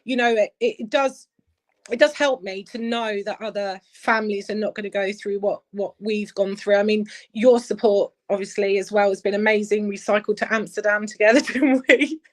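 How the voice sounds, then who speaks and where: A woman's voice: medium pitch, fairly even intonation, normal speed. A woman in her fifties, a guest in a casual interview, talking chattily with lots of "like" and "literally". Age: 50s. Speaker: guest, club player care head.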